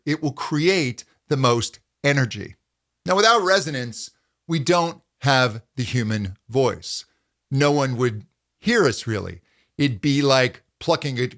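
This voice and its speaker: In a calm voice lesson, a middle-aged man working as a vocal coach explains hums and pitch slides and shows how they're done.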